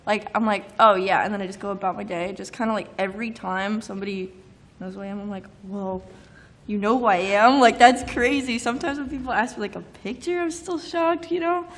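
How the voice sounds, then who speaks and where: A woman's voice: medium pitch, fast. A young woman on a convention panel, giggly and rambling as she answers. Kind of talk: panel talk. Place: convention stage.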